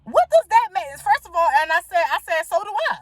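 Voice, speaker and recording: A woman's voice: extremely high pitch, brisk. A grown woman telling a heated storytime rant, emphatic and full of profanity. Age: adult. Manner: emphatic, profane, animated retelling. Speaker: vlogger.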